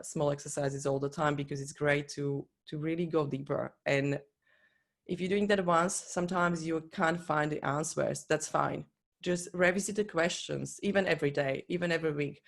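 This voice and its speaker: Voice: mid-range voice, fairly even intonation, normal speed. A coach giving an earnest, encouraging motivational talk in non-native English, speaking straight to the listener. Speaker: business and life coach.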